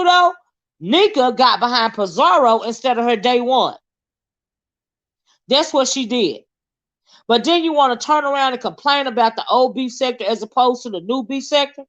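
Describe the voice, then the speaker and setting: A woman's voice: mid-range voice, dull audio. A middle-aged woman with a Southern American accent, delivering a blunt, confrontational commentary monologue full of "right?" tag questions. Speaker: online commentary host.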